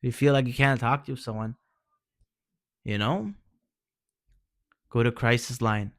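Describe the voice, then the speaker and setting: A man's voice: mid-range voice, fairly even intonation, a little slow, no room sound, clean studio sound. A man talking casually and earnestly, giving heartfelt advice in informal slang and often calling the listener man or bro. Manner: earnest, encouraging. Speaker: vlogger sharing personal experience.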